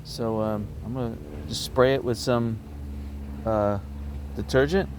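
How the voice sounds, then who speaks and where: A man casually showing his garage sale finds on camera, chatty and hesitant, breaking into excitement over bargains. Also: medium pitch, a little slow, a little hiss or hum. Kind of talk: casual show-and-tell vlog.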